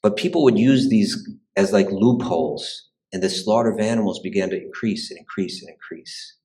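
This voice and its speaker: Heard on a rough recording, this man's fairly low, mellow voice moves at an ordinary speed as he lectures informally on spirituality's history. He's a spiritual teacher who thinks aloud, circling back with restarts and repeated words while peppering his talk with "you know" and "right."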